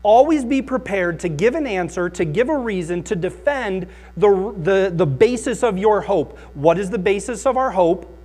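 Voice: medium pitch, expressive, moderate pace, hardly any pauses, darkish tone. Bible teacher, emphatic sermon delivery, engages the audience. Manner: emphatic, calls on audience to answer aloud.

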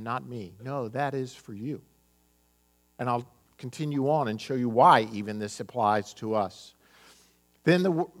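A man preaching a sermon, reading scripture dramatically and speaking animatedly to his congregation. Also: a little high. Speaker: pastor.

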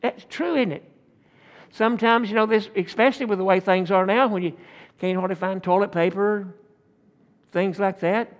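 Preacher guy, pretty high voice, folksy stories, keeps asking for amens. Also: fairly even intonation, moderate pace. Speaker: pastor. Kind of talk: sermon.

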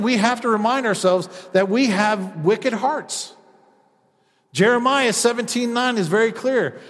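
High-voiced preacher in a reverberant hall. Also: male voice, a bit bright. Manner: preaching with quoted asides and acted-out voices. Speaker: pastor. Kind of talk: sermon.

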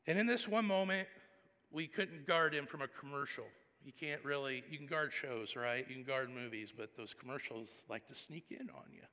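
A man preaching as a pastor. He tells stories conversationally, and his loudness swings from hushed to loud. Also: mid-range voice, moderate pace, big-room sound. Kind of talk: sermon.

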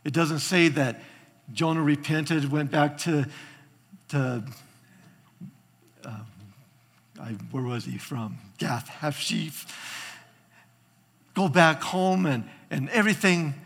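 A man preaching a sermon as a pastor, retelling a story with animated, acted-out quotes. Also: on the high side, slow pace, vocal fry, pauses often, in a large hall.

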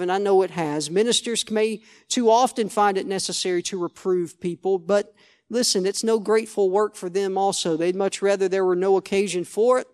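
A male pastor preaching a sermon, conversational, restarting phrases and asking the congregation "Amen?". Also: high-pitched.

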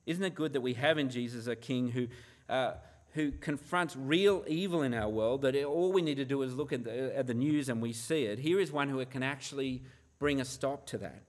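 A man's voice: medium pitch, normal speed. A man, a pastor, preaching a sermon in an earnest manner, often asking the listeners rhetorical questions.

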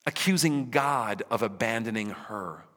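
A man preaching a sermon, asking the listeners rhetorical questions and voicing God's words dramatically, at times sinking to a hush. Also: medium pitch, animated, measured pace. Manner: rhetorical questions, dramatic voicing of God, drops to hushed near-whispers. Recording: reverberant hall.

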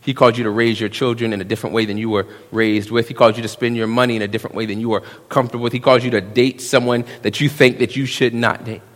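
A man, preaching a sermon, swinging between hushed asides and loud emphasis and acting out quick quotes. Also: medium pitch, level tone. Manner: drops into quick voiced quotes of young men. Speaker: pastor. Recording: long reverb of a church hall.

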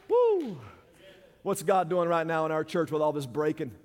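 A man preaching a sermon, swinging from loud shouts to quiet pleading. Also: fairly high pitch, fairly even intonation, a little fast, long reverb tail. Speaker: pastor.

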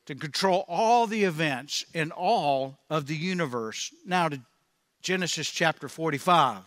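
High bright-voiced male preacher. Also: measured pace, long reverb tail. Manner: emphatic, repetitive phrasing. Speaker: pastor. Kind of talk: sermon.

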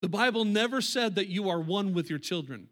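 A man's voice: sits high, expressive, fairly quick, fairly bright tone. A middle-aged male pastor preaching a sermon, emphatic and repetitive, talking straight to the congregation.

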